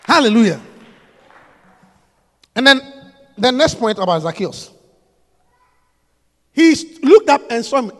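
A man preaching a sermon, emphatic and repetitive, swinging between hushed lines and shouts. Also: very high voice, very animated, a little slow, long pauses, long reverb tail, a faint crowd.

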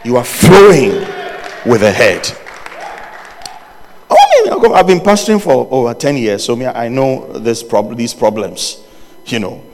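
Animated preacher in a reverberant hall. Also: male voice, moderate pace, some chatter behind, a little hiss or hum. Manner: animated, rising to shouts and dropping low; laughs and jokes with the congregation. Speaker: pastor. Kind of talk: sermon.

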